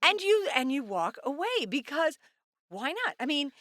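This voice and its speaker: Bright, lively woman podcast host. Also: high-pitched, moderate pace, no room sound, studio quality. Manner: animated, acts out little scenes with quoted voices. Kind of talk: casual chat.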